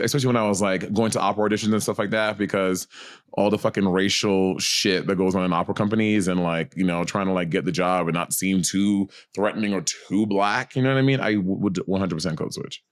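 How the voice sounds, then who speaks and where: A man's voice: deep voice, fast talker. New york guy on a podcast, chatty and blunt, cussing casually, talking from home. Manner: chatty, blunt, swears freely. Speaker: podcast co-host. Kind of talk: casual chat.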